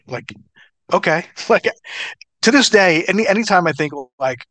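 A middle-aged former professional wrestler, his voice high and his pace moderate, tells profane, animated stories in a casual interview and laughs his way through them. The recording is dry.

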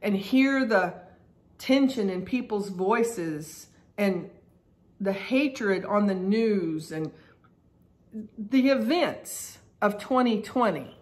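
A middle-aged woman leads a daily Bible study, reading scripture aloud and then reflecting on it. Her delivery is earnest and emphatic, and she sometimes spells out a word letter by letter to stress it. Her voice sits at an ordinary middle pitch. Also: animated, slow, a little mellow.

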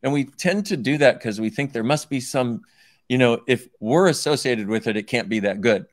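A man's voice: mid-range voice, expressive, moderate pace, no echo. Male guest, teasing yet sincere, mid-range voice, dead-dry recording. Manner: playful, warm-hearted, earnest gratitude. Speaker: guest speaker. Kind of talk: casual conversation.

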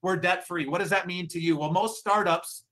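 A man giving an upbeat sales pitch to an audience, asking rhetorical questions. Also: fairly even intonation, moderate pace, a bit bright. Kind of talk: sales presentation.

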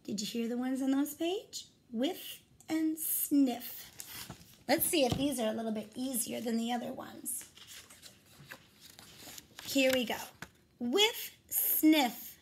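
A woman's voice: high-pitched, a little slow, pauses often, darkish tone, slight background noise. A woman teacher reading a picture book aloud and teaching rhymes to young children, talking straight to them in an encouraging way. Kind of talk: read-aloud phonics lesson for young children.

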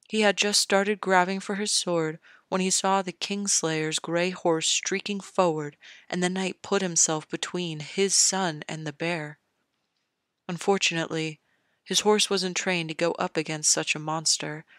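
A narrator reading a fan fiction audiobook in a measured storytelling manner, close to the mic. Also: medium pitch, fairly bright tone, no room sound. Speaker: podfic narrator.

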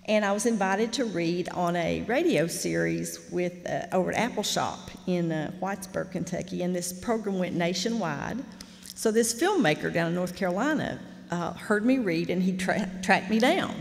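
A middle-aged woman, telling a candid, animated story while teaching a fiction master class. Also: lowish voice, normal speed, creaky. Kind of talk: storytelling lecture. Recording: reverberant lecture hall.

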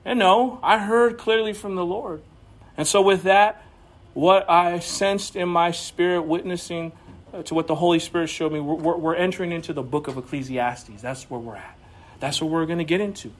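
A man's voice: a little high, moderate pace. A man preaching a sermon in church, telling stories conversationally, often repeating words and rising to emphatic peaks. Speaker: pastor.

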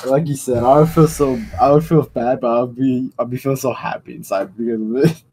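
A man's voice: medium pitch, steady tone, a little fast, warm tone. A man with a mid-range voice co-hosts a podcast. He chimes in casually with short, plain reactions to his friend's story. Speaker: podcast co-host. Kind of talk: casual chat.

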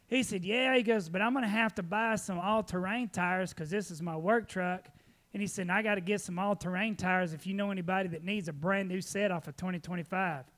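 High-voiced preacher, folksy. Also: male voice, fairly quick. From Texas. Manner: folksy storytelling, animated, laughing often. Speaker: pastor. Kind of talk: sermon with church announcements. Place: church.

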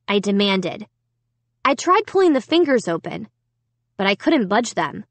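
A woman's voice: medium pitch, sing-song, a little slow, pauses often, no room sound. Woman reading a spooky storybook expressively. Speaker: audiobook narrator. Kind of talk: first-person storybook narration.

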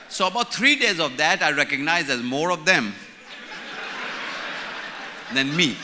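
A man's voice: on the high side, lively intonation, measured pace, pauses often, bright, forceful tone, a little hiss or hum. A man in his sixties from India with an Indian accent, giving a playful church leadership conference talk and repeating key words for emphasis. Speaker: conference speaker. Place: large conference hall. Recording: reverberant hall.

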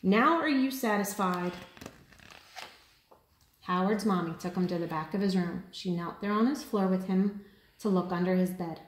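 A woman teacher reading a children's picture book aloud, with animated storytelling. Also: fairly low pitch, a little fast, roomy sound. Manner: animated storytelling, lifting her voice for the children's cries. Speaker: kindergarten teacher.

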